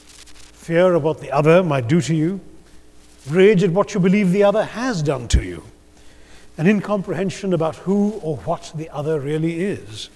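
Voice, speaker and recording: A man from India giving a measured, rhetorical conference speech with gentle humor in a large auditorium. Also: on the high side, lively intonation. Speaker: keynote speaker. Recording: long hall reverb.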